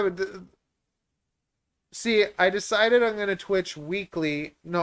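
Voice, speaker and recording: A man's voice: a little high, fairly bright tone, smooth. A man, hosting a live Q&A stream in a rambling, easygoing way. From Canada. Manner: chatty, rambling, laughs easily. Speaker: reptile breeder and stream host.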